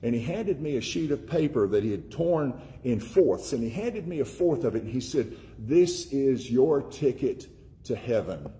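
A man from Tennessee preaching a sermon as pastor, slowing down and repeating key words for emphasis. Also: mid-range voice, animated, mellow.

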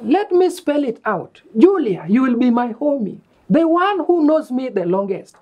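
A man's voice: extremely high pitch, big pitch swings, moderate pace, lo-fi sound, heavily acted. An actor playing a boastful young man who bosses his friends around in a comedy series. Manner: bossy, teasing. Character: boastful young man scheming a fake reality-show life. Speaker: student. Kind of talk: comedy web series acting.

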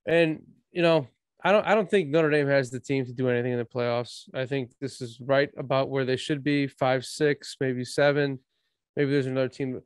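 A man's voice: medium pitch, fairly even intonation, normal speed, clear, resonant tone, no room sound. A man co-hosting a sports show, ranting heatedly with constant swearing in casual chat. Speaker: sports podcast co-host.

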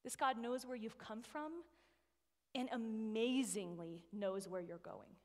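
A woman in her thirties speaks slowly in a fairly high voice as a guest speaker delivering a sermon in a church sanctuary. She tells personal stories in a chatty way, often checking in with "right?". Long hall reverb fills the recording.

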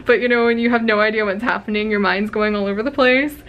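A woman's voice: mid-range voice, steady tone, fast, lo-fi sound. A young woman chatting to the camera in a casual home vlog, rambling and self-deprecating, laughing often, in a small rented apartment. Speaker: vlogger.

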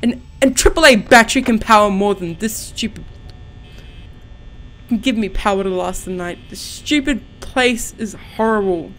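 A woman's voice: mid-range voice, moderate pace, fairly bright tone, a little hiss or hum. A young woman hosting a horror game let's-play, panicky and gasping, swearing under her breath. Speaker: gaming channel host.

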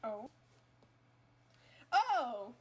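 Woman gaming streamer; higher voice, unhurried delivery, playful teasing with melodramatic squeals. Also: sing-song, breathy edge, dull audio. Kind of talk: live gameplay stream chatter.

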